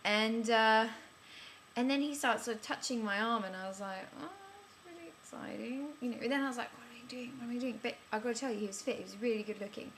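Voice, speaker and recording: A woman acts out a bewildered amnesiac in her thirties for a scripted character vlog, chatty and flustered, rambling breathlessly with lots of filler words and restarts. She talks fast in a fairly high, fairly bright voice, lightly acted, over slight background noise.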